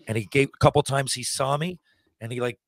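A man's voice: medium pitch, steady tone, a little fast, vocal fry, no echo. A man in his forties, a podcast guest, telling rambling, profanity-laced anecdotes in a casual way. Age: 40s. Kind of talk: casual storytelling.

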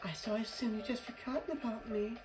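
A man's voice: very high voice, steady tone, quick pace, crowd noise. A man voicing a haughty, fussy female animal villager who complains she was neglected. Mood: huffy. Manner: huffy, haughty, theatrical. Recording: distant mic, game music behind.

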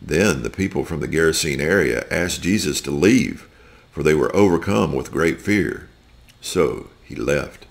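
Male scripture reader, deep bass with gravel, steady deliberate reading. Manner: slow, deliberate reading with small slips. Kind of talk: reading aloud a scripture story.

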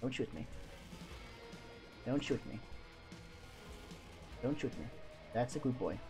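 Man, gamer, panicky and swearing, very lively pitch, unhurried, soft music underneath. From Sweden. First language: Swedish. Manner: panicky, swearing, yelling at enemies. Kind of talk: let's-play commentary.

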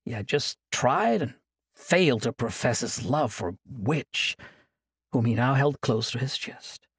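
A male narrator reads a fantasy audiobook with dramatic, expressive storytelling. His voice is very raspy with a gravelly fry, and his pitch moves lively through the lines. The sound is close and dry, with no room around it. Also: measured pace, no room sound.

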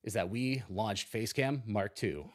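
A man's voice: fairly low pitch, a little slow, dry recording, studio quality, natural voice. A man putting on a hammy voice as a male evening news anchor. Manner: hammy announcer delivery.

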